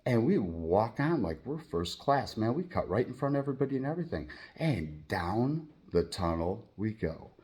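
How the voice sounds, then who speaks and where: Brief: middle-aged man, low voice, blunt profane rambling storyteller. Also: moderate pace, few pauses, breathy edge. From Michigan, United States. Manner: profane, blunt and animated, acting out quoted voices. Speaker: channel host telling a personal story.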